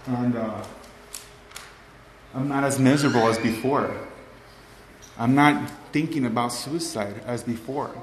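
A man's voice: mid-range voice, unhurried, long pauses. A man speaks to a group in a large, echoey hall, his voice ringing off the walls under a faint murmur of room noise. He tells his story in a loose, rambling, heartfelt way, circling back with "you know" and "right" as he talks. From Cuban family. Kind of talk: personal testimony to a group.

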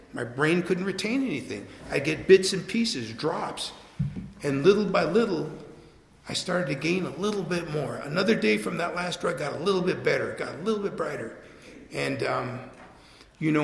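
Middle-aged man, very gravelly voice, candid recovery testimony, echoey hall with long reverb. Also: mid-range voice. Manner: candid, plainspoken storytelling with wry humor. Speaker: speaker sharing a recovery story. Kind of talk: personal testimony at a recovery meeting.

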